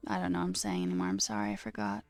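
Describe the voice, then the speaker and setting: A woman's voice: on the low side, big pitch swings, very fast, creaky, no room sound, faint music behind. A woman streamer chatting casually and reading chat aloud, rambling, laughing often and swearing now and then.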